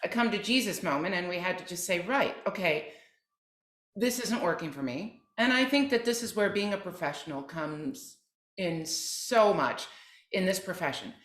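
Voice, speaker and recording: A woman's voice: on the low side, normal speed. A woman opera soprano, a guest on a podcast, earnestly giving advice in conversation. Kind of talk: interview conversation. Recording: roomy echo.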